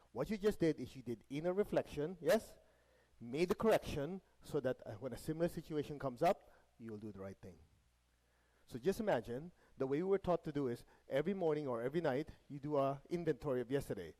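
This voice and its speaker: Mellow-voiced man teaching a group. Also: fairly high pitch, animated, fairly quick, poor audio. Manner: checks in with the audience, asks them to repeat after him; light joking asides. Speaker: meditation teacher. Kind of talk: spiritual lesson to a live group.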